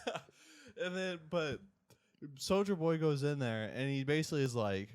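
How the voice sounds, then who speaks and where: A young man co-hosting a podcast, casually recapping a TV episode in a rambling, animated way. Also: on the high side, moderate pace, clean tone. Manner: rambling, animated retelling with loud acted-out quotes. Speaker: podcast co-host.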